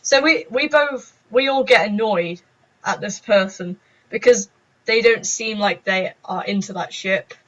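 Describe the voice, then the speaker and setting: A woman's voice: mid-range voice, a little slow, fairly bright tone. A young woman chatting in a rambling, giggly, self-mocking way on a casual story-time vlog. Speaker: vlogger. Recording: dull lo-fi recording.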